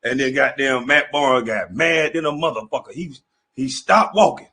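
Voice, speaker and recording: A man's voice: mid-range voice, moderate pace, pushed and bright, slightly rough. A man delivering a profane comedic roast rant, laughing often as he goes. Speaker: commentator.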